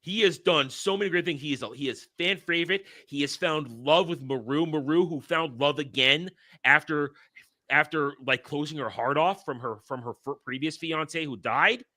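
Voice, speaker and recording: A man recapping anime with his friend, his voice very bright and forceful. He tells the story with growing excitement and acts out the characters' dialogue as he goes. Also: fairly high pitch, moderate pace. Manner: excited, animated retelling that acts out characters' lines. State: choked up. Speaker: podcast host. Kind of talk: casual anime recap chat.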